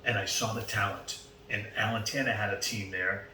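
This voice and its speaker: Boston man telling stories, low voice. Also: normal speed. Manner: animated, acts out quoted exchanges. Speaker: podcast guest. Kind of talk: casual storytelling. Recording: roomy, distant mic, faint background noise.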